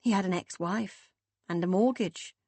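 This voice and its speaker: A woman reads an audiobook in a measured, expressive way, her voice in the middle of the female range. The sound is close and completely dry, with no trace of room. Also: medium pitch, dry recording. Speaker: audiobook narrator. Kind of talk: scripted audiobook narration.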